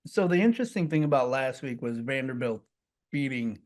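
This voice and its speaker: A man's voice: mid-range voice, lively intonation, a little fast, darkish tone. A man co-hosting a casual sports podcast, speaking conversationally and steering the talk to each new topic. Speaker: podcast co-host.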